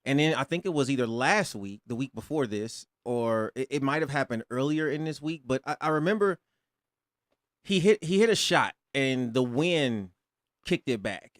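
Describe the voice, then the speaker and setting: Male co-host, dry studio sound, rambling animated chat. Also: mid-range voice, no room sound. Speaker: sports show co-host. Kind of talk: casual sports chat.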